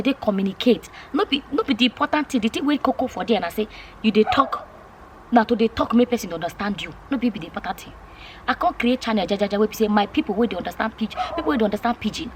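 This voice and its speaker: A woman's voice: fairly high pitch, a little hiss or hum. A Nigerian woman vlogging to camera, chatting casually, repeating her points and asking viewers questions. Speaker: YouTube vlogger.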